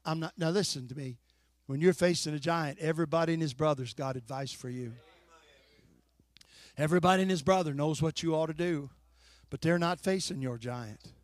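An older man preaching a sermon in a folksy, plainspoken way, swinging from fervent shouted exhortation to low, slow storytelling. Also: dry recording.

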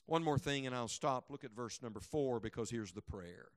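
A middle-aged man preaching a sermon as a traveling evangelist, emphatic, firing rhetorical questions and swinging between loud and hushed delivery. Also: mid-range voice, moderate pace. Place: church meeting room with congregation.

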